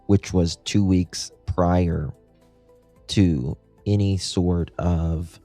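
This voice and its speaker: A man's voice: sits low, steady tone, extremely slow, mellow, faint music behind. A man hosting a true-crime livestream, thinking aloud in casual commentary and posing rhetorical questions.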